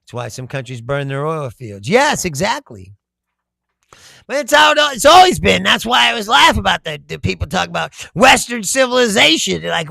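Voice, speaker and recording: American guy on a livestream, high voice, super gravelly and bright, swears a lot, reads chat out loud. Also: sing-song, brisk, dry recording, clean studio sound. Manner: profane, reads chat comments aloud and laughs often. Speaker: livestream host. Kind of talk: casual political livestream chat.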